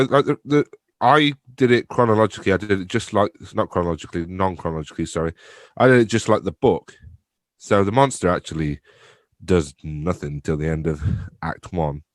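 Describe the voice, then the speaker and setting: A man's voice: on the low side, no echo, studio quality. A young man from England who runs a theatre company, chatting casually as a guest, joking at his own expense and swearing loosely. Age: young adult. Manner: joking, self-deprecating, laughs often, swears casually. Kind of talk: casual interview chat.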